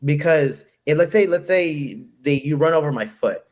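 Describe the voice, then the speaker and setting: A young man from Chicago, a fighter being interviewed, telling stories in an animated, quick, casual way and acting out what people said. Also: fairly high pitch. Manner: animated, quick, acts out quoted voices. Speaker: guest fighter.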